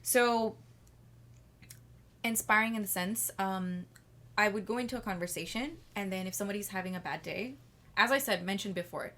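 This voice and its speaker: A woman's voice: medium pitch, moderate pace, long pauses, a bit bright. A woman on a podcast as a guest, talking at length about herself in a rambling, self-assured way, full of "like" fillers. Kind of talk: casual chat.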